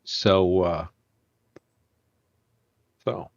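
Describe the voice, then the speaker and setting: A man narrating as game master of a tabletop game, halting often with filler words. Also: sits low, level tone, no echo, muffled recording.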